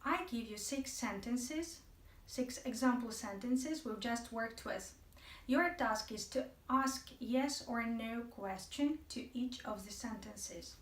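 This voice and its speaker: A woman's voice: on the high side, slow pace, far from the mic. Playful woman teaching English, echoey room. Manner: chatty, playful, addresses viewers directly. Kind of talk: video lesson.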